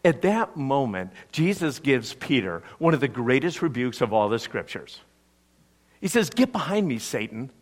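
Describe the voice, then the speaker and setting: A man preaching a sermon, telling the story and acting out the quotes with lively energy. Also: medium pitch, moderate pace. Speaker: pastor.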